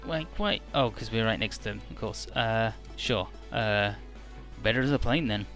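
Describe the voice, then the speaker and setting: A man giving casual, rambling gameplay commentary in a low-key, mumbly way. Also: moderate pace, a bit bright, soft background music. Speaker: let's play host.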